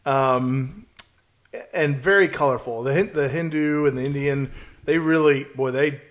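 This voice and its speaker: A man's voice: a little high, a little slow, a bit bright. A man co-hosting a podcast in casual chat, playful but hesitant on serious points. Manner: playful, hesitant, many fillers when serious. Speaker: podcast co-host.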